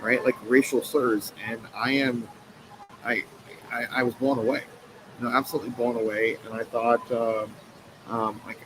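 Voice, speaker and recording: A man telling a personal story as an interview guest in an earnest, halting way, full of fillers and restarts. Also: mid-range voice, little pitch movement, very noisy. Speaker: guest, company co-founder and president. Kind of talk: conversational storytelling interview answer. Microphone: live stream mic.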